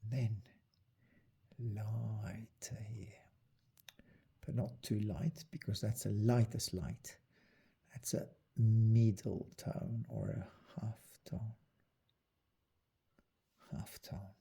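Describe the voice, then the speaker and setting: A man's voice: lowish voice, fairly even intonation, very slow, creaky, long pauses, warm tone, slightly rough. A man narrating his drawing as he works, muttering and half-whispering his steps. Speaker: artist demonstrating drawing.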